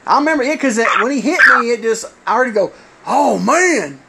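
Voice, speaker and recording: A middle-aged man, a former wrestler telling stories in casual chat, halting and full of fillers. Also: very high voice, expressive, creaky. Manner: rambling, halting with many fillers. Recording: loud hiss with clicks.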